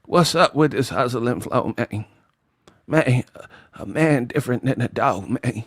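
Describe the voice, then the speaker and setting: A man putting on a laid-back, drawling impression of a man who ends every line with "man", softer and more mumbled than his own talk. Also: mid-range voice, measured pace, no echo, studio quality, pitched below the performer's own voice, natural voice.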